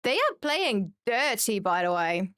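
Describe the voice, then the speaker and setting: A woman's voice: medium pitch, big pitch swings, a little slow, a bit bright, no echo, clean studio sound. A young German woman streaming a game, chatting casually and joking at her own expense as she reads viewer comments. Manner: chatty and self-mocking, reads chat aloud. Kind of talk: casual chat while gaming.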